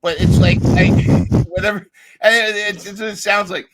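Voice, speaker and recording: A man hosting a casual podcast chat with a bright, forward voice. He pitches a little higher than most men and talks eagerly. He rambles and restarts his sentences. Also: little pitch movement, normal speed, slightly rough. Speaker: podcast host. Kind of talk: casual conversation.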